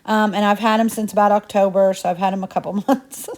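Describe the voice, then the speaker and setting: A woman's voice: medium pitch, steady tone, fast, a little mellow. A woman from Indiana with a Southern US twang that slips into a Midwestern accent, chatting casually and rambling as she narrates her cleaning vlog. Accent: Southern US twang mixed with Midwestern. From Indiana, USA. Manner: talkative, rambling, folksy. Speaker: home cleaning vlogger.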